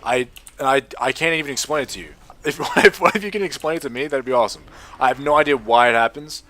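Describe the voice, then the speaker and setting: A man's voice: medium pitch, quick pace, bright, forceful tone. A young man from Australia with a gaming headset, chatting casually and rambling while he plays a game. He swears often and leans heavily on filler words. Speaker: gaming video host.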